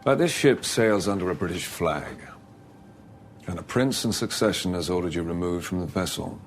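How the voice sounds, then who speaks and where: An actor playing a stern, formal ship's captain who speaks in a measured, authoritative way in a TV drama. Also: male voice, low-pitched, soft background music. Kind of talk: TV drama acting.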